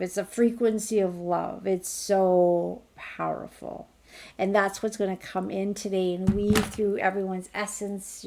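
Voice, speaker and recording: Woman, healer type, gentle and reassuring, slight vocal fry, mid pitch. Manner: gentle, reassuring, slow guiding delivery. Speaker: spiritual healer leading a group healing call. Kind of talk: guided healing talk.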